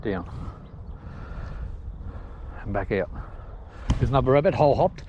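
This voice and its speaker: Filming his own hunt, a sweaty ferreter chats casually outdoors while working ferrets and dogs on a hillside he's been climbing, talking to the animals and shouting calls. His mid-range voice is expressive and measured in pace. The audio has the highs cut off and slight background noise.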